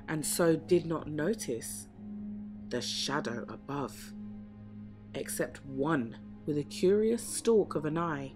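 A woman reading a rhyming picture book aloud in a gentle, measured way. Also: low-pitched. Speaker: storybook reader. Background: soft background music.

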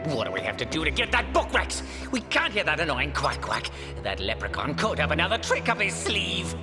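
Guy doing a jumpy cartoon hero, slow-talking, voice bouncing up and down, reverby. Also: on the high side, wildly swooping pitch, music in the background. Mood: worried. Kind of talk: cartoon voice acting.

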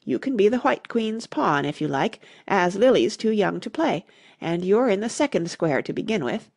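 A woman voicing a brisk, commanding queen in an audiobook. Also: mid-range voice, lively intonation, vocal fry, a little mellow. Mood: pleasant. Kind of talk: audiobook character reading.

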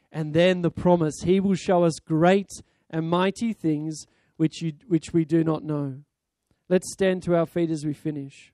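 A man's voice: high-pitched, a little mellow, no room sound. A middle-aged Australian man preaching as a pastor, closing in fervent prayer with repeated appeals to the Lord. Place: church sanctuary.

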